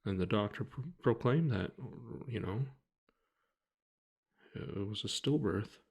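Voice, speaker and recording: Slow, gravelly-voiced man telling his story. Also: lowish voice. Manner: halting, many restarts, quiet and heavy. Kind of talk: personal account told to camera.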